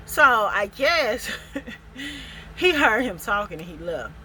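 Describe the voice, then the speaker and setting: Animated woman telling a storytime. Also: on the high side, slow, slight background noise, rough recording. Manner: animated, expressive, laughs often. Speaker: vlogger. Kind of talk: casual storytime.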